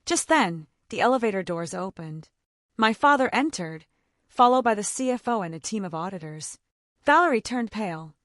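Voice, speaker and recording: A woman's voice: medium pitch, lively intonation, moderate pace, a bit bright, dry recording, clean studio sound. A woman narrating a dramatic first-person story in a scripted style.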